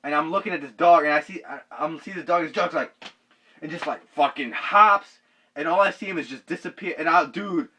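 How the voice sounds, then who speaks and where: A young man telling a personal story in a casual, animated way, full of slang, repeated "dude" and shouted sound effects. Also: a little high, brisk, slight background noise. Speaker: vlogger.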